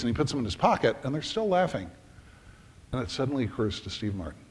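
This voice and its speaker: A middle-aged man preaching a sermon as a pastor, telling a story in an animated way and acting out the scenes. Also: medium pitch, brisk. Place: church sanctuary. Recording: reverberant church hall.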